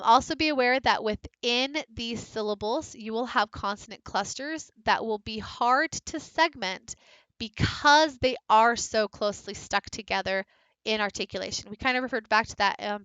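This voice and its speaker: A woman literacy coach giving a recorded training lesson to teachers, with clear, deliberate teacherly delivery. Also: mid-range voice, pushed and bright, dry recording, poor audio.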